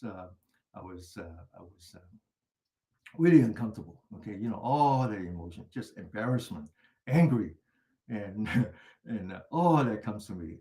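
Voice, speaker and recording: A man's voice: mid-range voice, darkish tone, echoey room. An older man teaching a mindfulness class, telling stories in a chatty way and often asking "right?". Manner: chatty storytelling with frequent laughs and rhetorical "right?".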